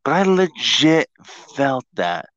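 A man's voice: medium pitch, slow pace, no room sound. A man in his forties rants and jokes through a casual podcast chat, cursing freely as his voice leaps up and down. The sound is dry and slightly dull, with no room around it. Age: 40s. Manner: animated, profane, ranting. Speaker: podcast host.

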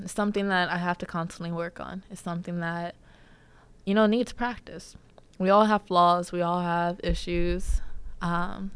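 A woman's voice: lowish voice, clear, resonant tone, no room sound. A young woman from California telling a personal story in a casual, candid way, with many fillers. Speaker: podcast host.

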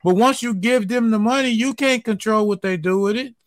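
Man, slightly high voice, dry close sound, explains at length in a casual group discussion. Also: brisk, no echo. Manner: explains at length, building his argument.

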